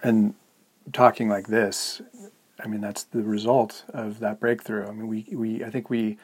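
A man's voice: lowish voice, level tone, unhurried, slightly rough. A man co-hosting a podcast, speaking candidly and hesitantly, often searching for words in a reflective conversation. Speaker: podcast co-host.

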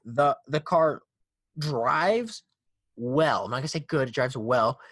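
This car podcast host speaks slowly in a mid-range voice, with no room sound audible. Casual and profane, he laughs and swears through an animated rant.

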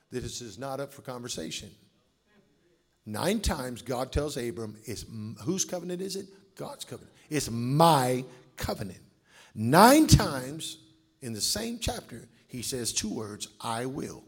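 A man preaching a sermon as pastor, calling on the congregation to answer back and swinging between shouts and hushed asides. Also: mid-range voice, expressive, measured pace, husky. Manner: preaching with call-and-response to the congregation.

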